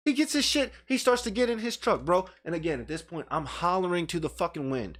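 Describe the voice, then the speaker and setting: A man's voice: high-pitched, expressive, fast talker, hardly any pauses, fairly bright tone. A man co-hosting a podcast, telling a story in a heated, profane rant and talking with his hands in a studio. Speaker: podcast co-host. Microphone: studio microphone.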